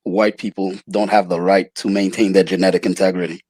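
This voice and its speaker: A man hosting a stream debate, calm and measured, repeatedly asking pointed questions. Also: deep voice, breathy edge, dry recording. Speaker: channel host.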